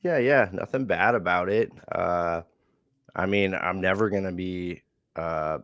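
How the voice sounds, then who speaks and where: A man casually recapping a wrestling show on a podcast, relaxed, with frequent chuckles and filler words. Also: low-pitched, measured pace, no room sound.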